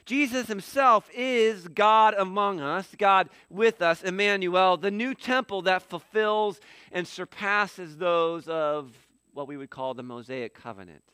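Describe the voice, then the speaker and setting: Middle-aged male pastor, bright and crisp, animated sermon delivery. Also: high-pitched, a little slow, no echo. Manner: animated, acts out quoted dialogue.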